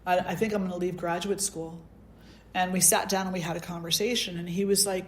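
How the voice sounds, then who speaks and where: A woman's voice: fairly low pitch, level tone, a little fast, a little hiss or hum. A middle-aged woman teaching at a spiritual gathering, telling a personal story and acting out the dialogue. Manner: storytelling, acts out quoted dialogue. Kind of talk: satsang talk, personal story.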